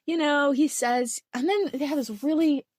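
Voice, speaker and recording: A woman's voice: sits high, darkish tone, dry recording, studio quality. A woman co-hosting a podcast, casually recapping a film in a rambling way and acting out characters' lines. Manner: rambling, acts out lines in quick voices. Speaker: podcast co-host.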